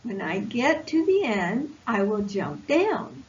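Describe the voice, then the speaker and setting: A woman voicing an eager, bold young male possum from a picture book, speaking in a quick, excited way. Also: fairly high pitch, lo-fi sound.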